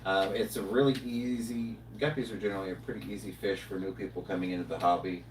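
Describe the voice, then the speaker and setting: A man hosting a casual livestream chat, talking in a relaxed, rambling way with lots of fillers. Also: on the low side, quick pace. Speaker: livestream host. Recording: roomy, distant mic, faint noise.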